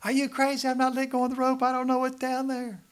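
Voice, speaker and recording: A man's voice: very high-pitched, monotone, fast talker, clear, resonant tone, voice pushed up. A preacher voicing a panicked man dangling in a well, screaming frantically for help.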